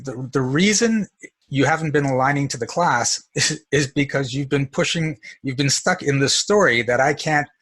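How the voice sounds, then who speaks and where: A man's voice: fairly high pitch, bright, forceful tone, husky. A man teaching an energy work session in a casual, storytelling way, chuckling often.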